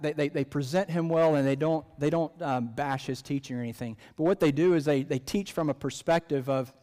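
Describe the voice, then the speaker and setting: A man's voice: on the high side, darkish tone. A man preaching a sermon as pastor in a conversational, joking way, recorded in a church sanctuary. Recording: long hall reverb.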